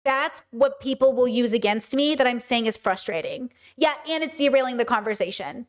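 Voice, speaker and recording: A woman's voice: on the high side, moderate pace. A woman streaming live commentary, talking passionately and emphatically and answering her chat.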